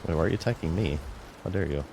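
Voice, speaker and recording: Racing along in a deep voice with vocal fry, a man streams a game amid background noise. His commentary is casual and relaxed, chatty, with plenty of muttering to himself as he plays.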